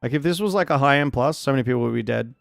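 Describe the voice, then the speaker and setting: A man streaming a game, chatting casually and excitably, greeting viewers and reacting loudly to the action. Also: medium pitch, racing, gravelly, no room sound, clean studio sound, faint music behind. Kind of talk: casual live-stream chat while gaming.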